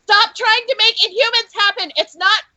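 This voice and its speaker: A woman on a comics podcast ranting loudly with exaggerated outrage. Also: very high-pitched, normal speed, no echo. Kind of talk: mock-furious casual rant.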